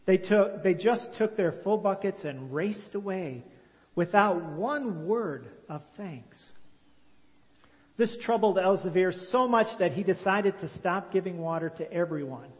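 A male storyteller reads a moral tale in a measured, expressive way and then explains it as a religious teacher. His voice sits a little high, with a long echo from a large hall.

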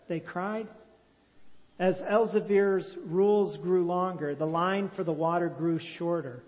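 A man reading a moral story aloud in a measured, expressive way, then explaining its meaning as a religious teacher. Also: high-pitched, big-room sound.

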